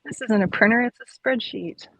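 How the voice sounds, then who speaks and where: A woman's voice: fairly high pitch, a little fast, fairly bright tone, husky, no echo, dull audio. A woman chatting casually in an online group voice call, telling wry and playful stories.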